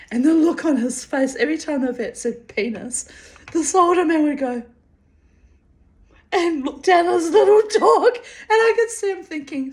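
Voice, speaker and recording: A woman's voice: on the high side, a little mellow. A woman telling a personal story in a casual, candid way, often breaking into giggles and swearing freely. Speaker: storyteller reading her own diary.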